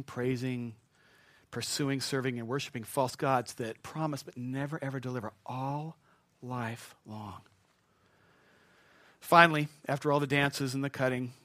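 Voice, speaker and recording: A man's voice: medium pitch, a bit bright, no room sound. A man preaching a sermon in a jokey, chuckling, conversational way. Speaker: pastor.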